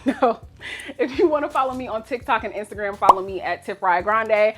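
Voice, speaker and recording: High-pitched woman self-help coach, cursing, preachy, loud one moment and muttering the next. Faint music underneath. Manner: profane, emphatic, preachy; swings between loud exclamations and low mutters. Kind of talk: casual motivational monologue.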